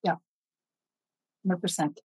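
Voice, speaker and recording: A woman podcast guest, a bereaved mother, telling her story in an earnest, faith-filled way, animated when she quotes others. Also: slow pace, no room sound, poor audio. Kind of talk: interview storytelling.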